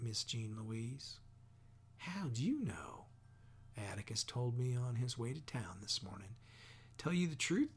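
A reader voicing a cheerful, tart older woman with a Southern accent, talking briskly and wryly. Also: mid-range voice, vocal fry, breathy edge, heavily acted. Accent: American Southern. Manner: brisk, wry, lively.

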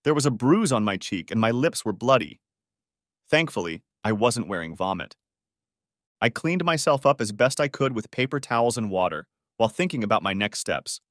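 A man's voice: medium pitch, very animated, moderate pace, a bit bright, no echo, clean studio sound. A man narrating a first-person story as an audiobook, reading it dramatically.

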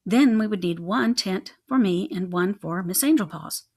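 A young adult woman reading a children's chapter book aloud in an expressive, rhythmic way. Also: medium pitch, moderate pace, slightly rough. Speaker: reader.

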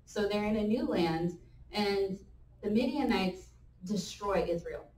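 A woman's voice: medium pitch, measured pace. Woman teaching in an echoey church. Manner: animated storytelling, laughing asides. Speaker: church speaker. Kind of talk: conversational sermon teaching. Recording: echoey room, mic at a distance.

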